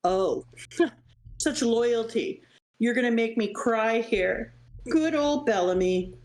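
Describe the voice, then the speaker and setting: A woman voicing a menacing, smug adult male pirate warlord who talks slowly and mockingly. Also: a little high, darkish tone, echoey room. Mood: smug menace.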